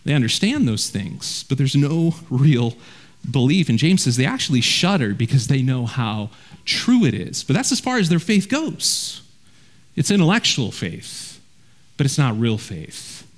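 A man preaching a verse-by-verse sermon as a pastor, earnest and direct, often dropping low and quiet to drive a point home. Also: big pitch swings, measured pace. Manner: earnest preaching, drops low and quiet for emphasis, repeats words when restarting.

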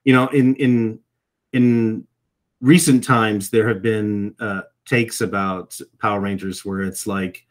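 A man's voice: on the low side, fairly even intonation, slow pace. A middle-aged man, a voice actor, giving reflective interview answers and often repeating words as he starts a thought. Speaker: voice actor guest.

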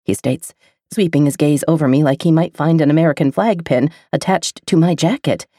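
A woman reading a first-person romance audiobook with an intimate, expressive delivery. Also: low-pitched, brisk, no room sound, clean studio sound. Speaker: audiobook narrator.

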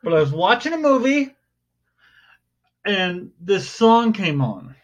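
A man's voice: sits high, very animated, takes it slowly. A man co-hosting a podcast, making jokes in casual banter. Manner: jokey, playful, switches into mock newsreader voice. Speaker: podcast co-host. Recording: dull lo-fi home recording.

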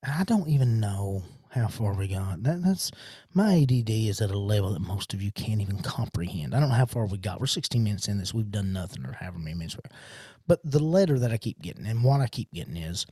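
A man's voice: on the low side, expressive, fast, mellow, breathy edge, dry recording. A man hosting his own podcast, rambling in a casual train of thought with lots of restarts and fillers, into a studio mic. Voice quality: self-described horrible accent. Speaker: podcast host.

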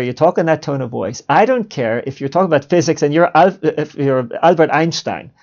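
Gravelly-voiced male teacher telling stories. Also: mid-range voice. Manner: lively storytelling, acts out dialogue. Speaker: teacher and podcast host. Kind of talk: storytelling podcast monologue. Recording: slightly muffled lo-fi recording.

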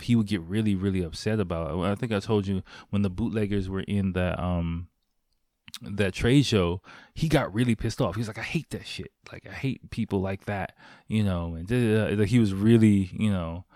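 A man's voice: on the low side, darkish tone, no room sound, studio quality. Rambling, swearing man telling a story. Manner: rambling, swears casually, many fillers and restarts. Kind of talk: casual storytelling.

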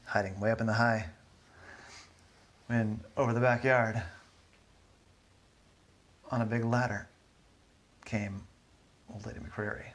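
A man narrating an improvised children's story in a soft, low-key way, with small restarts. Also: steady tone, takes it slowly, pauses often.

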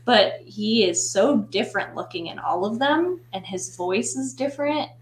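A mother chatting as a podcast guest, telling a story in a lively, chatty way. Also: fairly high pitch, normal speed, echoey room, slight background noise, poor audio. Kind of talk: casual chat.

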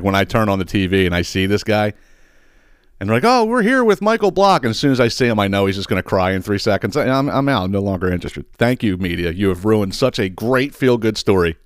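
A man's voice: fairly low pitch, clean tone, dry recording, clean studio sound. A man hosting a podcast, ranting in a casual comedic way. He swears freely and laughs at his own stories. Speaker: podcast host.

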